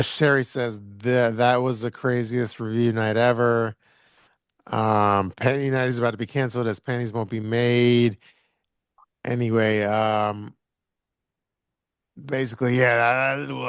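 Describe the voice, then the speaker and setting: A man's voice: mid-range voice, fairly even intonation, a little slow, smooth, dry recording, studio quality. Easygoing man hosting a podcast. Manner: easygoing, lots of fillers and agreeing murmurs. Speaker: podcast host. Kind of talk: casual chat.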